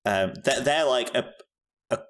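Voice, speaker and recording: A man's voice: mid-range voice, unhurried, fairly bright tone. A young man co-hosting a casual album review chat, talking with frequent ums and restarts. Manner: hesitant, lots of ums and restarts. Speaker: podcast co-host reviewing albums.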